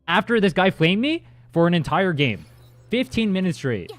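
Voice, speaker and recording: A man's voice: a little high, very animated, brisk. A young man streaming a game, chatting casually with his viewers, rambling and swearing as he answers chat. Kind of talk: casual livestream chat while gaming. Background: faint music from his playlist.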